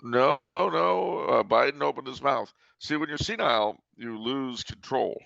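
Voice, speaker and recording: A man's voice: mid-range voice, measured pace, vocal fry, fairly bright tone, no room sound, lo-fi sound. A man hosting a casual podcast chat, talking in a dry, teasing way and breaking into sung jokes. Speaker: podcast host.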